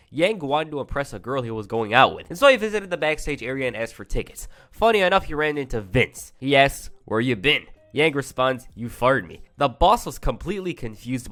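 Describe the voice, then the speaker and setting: A man's voice: mid-range voice, a bit bright. A young man narrating a casual recap video, chatty and full of offhand asides. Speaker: YouTube wrestling history narrator.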